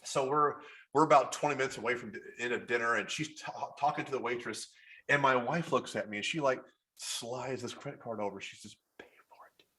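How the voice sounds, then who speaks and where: Brief: a man from Kentucky as a podcast guest, spinning loose, animated anecdotes with lots of "like". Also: mid-range voice, brisk. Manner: animated storyteller, heavy use of "like" and "you know". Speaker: podcast guest, model photographer. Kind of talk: casual storytelling in an interview.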